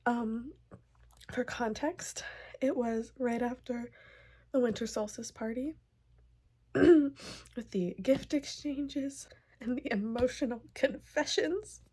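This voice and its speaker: A woman's voice: a little high, slow, long pauses, dark tone, breathy edge. A young woman book vlogger chatting casually, gushing and emotional, filling her talk with "like". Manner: gushing, emotional, lots of "like" fillers. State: tearful, crying happy tears. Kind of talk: casual vlog chat.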